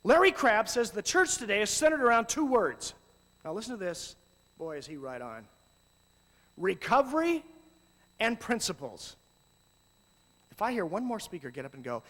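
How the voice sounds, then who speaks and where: Man, youth ministry speaker, sermon, high voice, animated, loud and then quiet, long hall reverb. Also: moderate pace, pauses often. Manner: animated, swings between loud exclamations and low asides.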